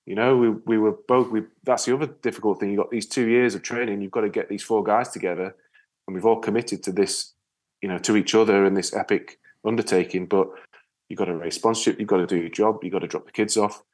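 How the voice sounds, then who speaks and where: A man from with a fairly low voice, talking as a guest in a relaxed interview. He is a lively storyteller who slips into the voices of the people he describes. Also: fast. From Yorkshire, England. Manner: storytelling, lively, animated re-enactments. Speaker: guest, ocean rower. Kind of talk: casual interview chat.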